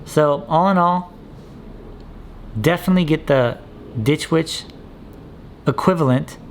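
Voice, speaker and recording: A man's voice: fairly high pitch, a little slow, slight background noise. A man who runs a landscaping business, giving punchy coaching advice in a vlog and tossing in "dude" and "okay?" as he goes. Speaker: landscaping contractor.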